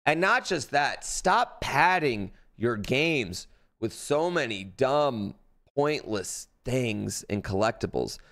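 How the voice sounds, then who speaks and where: A man's voice: mid-range voice, expressive, slow, a bit bright. A man streaming live, reacting in a blunt, rambling way, with lots of fillers and swearing. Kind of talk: casual livestream reaction chat.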